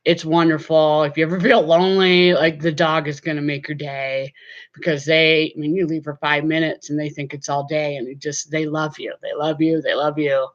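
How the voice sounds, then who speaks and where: Woman, middle-aged, low voice, rambling casual chat, slightly dull recording. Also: level tone, normal speed. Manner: chatty, rambling, many fillers. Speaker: vlogger. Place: at home.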